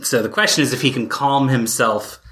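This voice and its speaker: A player in a tabletop role-playing game who talks in an animated, chatty way and reacts quickly to the action. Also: medium pitch, background noise.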